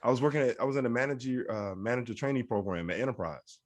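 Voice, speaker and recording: A man's voice: medium pitch, expressive, quick pace, darkish tone. A middle-aged man co-hosting a podcast in casual, laid-back chat, often asking "right?". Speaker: podcast co-host.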